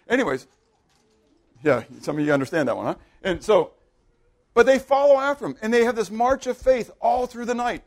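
A pastor preaching a sermon, animated and questioning his congregation, swinging between loud emphasis and hushed asides. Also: on the high side, fast talker.

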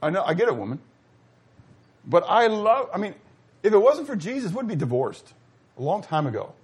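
Male pastor, middle-aged, husky, lively pitch swings, calls out questions to the congregation. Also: normal speed. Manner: swings from loud exclamations to quiet asides, asks the audience questions. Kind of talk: sermon.

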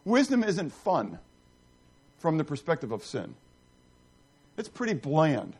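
Lively high-voiced man preaching a sermon. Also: takes it slowly, breathy edge. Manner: conversational, asks the congregation questions, many asides and restarts. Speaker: pastor.

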